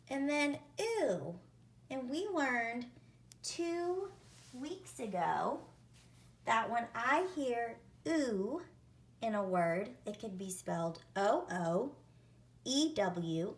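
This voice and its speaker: In a medium-pitched voice, a female teacher leads an early-reading spelling lesson, carefully sounding out each word and letter.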